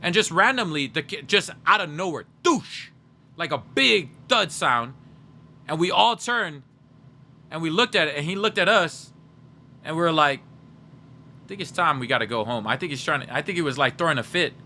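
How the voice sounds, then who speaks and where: Young man, livestream host, bright voice, a bit high, joking and animated. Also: normal speed. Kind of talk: casual livestream chat to viewers.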